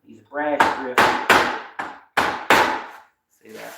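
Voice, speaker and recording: A man's voice: mid-range voice, fairly even intonation, very slow, gravelly. A man, hosting a casual live stream while working on a car part in his garage, talking in a folksy way and muttering to himself as he goes. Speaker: host. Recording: echoey, distant, noisy shop.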